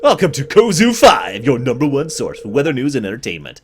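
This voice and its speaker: A man's voice: mid-range voice, wildly swooping pitch, fairly quick, noisy background. A man voicing a cheery male TV weather announcer with an upbeat delivery.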